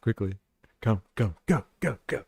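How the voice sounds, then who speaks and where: A man's voice: lowish voice, lively intonation, a little slow, vocal fry, darkish tone, slightly rough, dry recording, studio quality, exaggerated voice. A man doing a joking impression of a drowsy old male politician, sneaky and mumbling. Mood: furtive.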